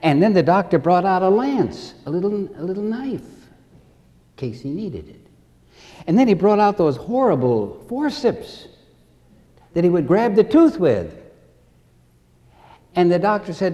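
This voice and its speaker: Man, sermon, slow measured preaching, mellow voice, long hall reverb. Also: sits high, big pitch swings. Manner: slow, deliberate preaching with repetition and acted-out stories.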